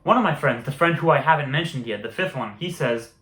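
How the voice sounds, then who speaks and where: A man's voice: mid-range voice, animated, fast talker, hardly any pauses, bright, forceful tone. Rambling young man telling stories in an echoey room. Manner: rambling, profane, laughs at own stories. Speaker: vlogger. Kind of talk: casual storytelling. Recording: echoey room with faint music.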